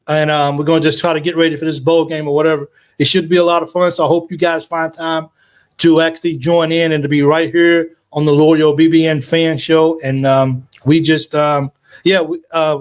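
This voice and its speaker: A man hosting his own fan live stream, chatting casually and rambling with many fillers and restarts, emotional and close to tears. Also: fairly high pitch. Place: home, at night.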